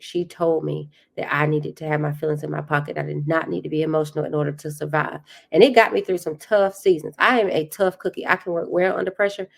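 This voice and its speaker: A woman's voice: fairly low pitch, gravelly. A woman hosting her own podcast, speaking in an earnest, reflective monologue and repeating key phrases for emphasis. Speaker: podcast host.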